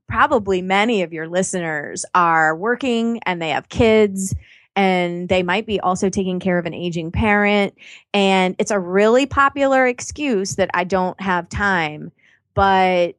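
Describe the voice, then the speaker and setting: A woman's voice: mid-range voice, measured pace, no echo. Encouraging woman podcast guest. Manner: warm, encouraging, emphatic. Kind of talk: casual interview chat.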